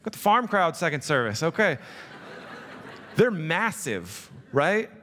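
A man's voice: a little high, very animated, takes it slowly, pushed and bright, a little hiss or hum. A male pastor preaching a casual, conversational sermon, often checking in with the congregation. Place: church sanctuary. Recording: long reverb of a hall.

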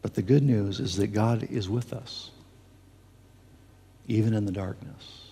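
A man's voice: lowish voice, fairly even intonation, a little slow, creaky, mellow, husky. A man preaching a sermon as pastor, earnest, with fillers and restarts, speaking in a church sanctuary. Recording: long hall reverb.

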